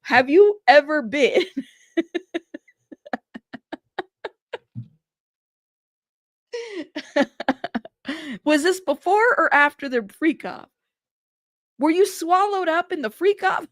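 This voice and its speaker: A woman's voice: high-pitched, lively intonation, very slow, long pauses, no room sound, clean studio sound. A woman host reading court transcripts aloud and breaking off into casual, chatty commentary, laughing often and talking straight to her viewers. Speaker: host of a news commentary channel.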